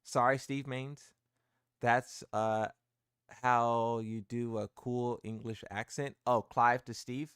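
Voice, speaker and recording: A male gaming streamer chats casually through a live reaction, circling back and repeating his points in loose slang. His voice sits at an ordinary middle pitch. The sound is dry and close, with no room around it. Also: little pitch movement, slow, a bit bright, clean tone, no echo. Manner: rambling, repeats himself, slangy.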